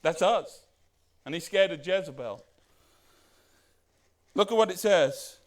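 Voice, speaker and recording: High-voiced man preaching conversationally. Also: animated, slow. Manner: conversational, rhetorical questions, acts out quoted lines. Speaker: pastor. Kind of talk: sermon.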